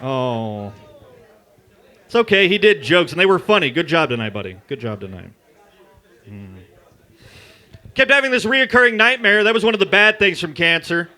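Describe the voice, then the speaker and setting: A man doing a crude, loud stand-up comedy set at an open mic in a bar. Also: high voice, sing-song, normal speed, long pauses. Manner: crude, loud, jokey storytelling. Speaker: stand-up comic.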